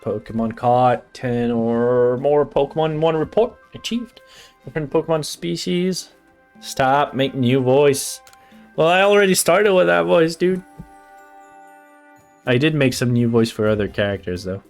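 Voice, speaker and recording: A man streaming a game, excitable and casual, swearing, stammering and humming to himself. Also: mid-range voice, unhurried. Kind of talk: casual let's-play commentary. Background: faint game music.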